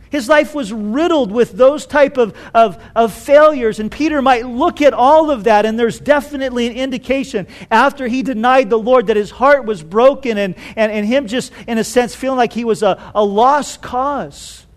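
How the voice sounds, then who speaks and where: A man preaching a sermon, telling stories with animated delivery and rhetorical questions. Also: very high voice. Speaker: pastor.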